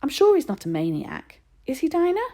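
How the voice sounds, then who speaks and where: A woman voicing a proper, firm mother who speaks briskly and a little sharply in a storybook reading. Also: high voice, wildly swooping pitch, dark tone, pitched above the performer's own voice, heavily acted.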